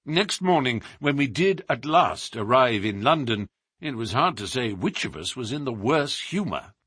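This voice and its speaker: A man narrating a story aloud in a measured, expressive reading. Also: medium pitch, husky, no room sound, studio quality. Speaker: audiobook reader. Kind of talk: scripted narration.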